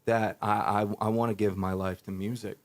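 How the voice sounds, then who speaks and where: Animated male musician telling stories. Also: on the low side, normal speed. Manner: animated, acts out quoted dialogue. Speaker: musician guest. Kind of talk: casual interview storytelling.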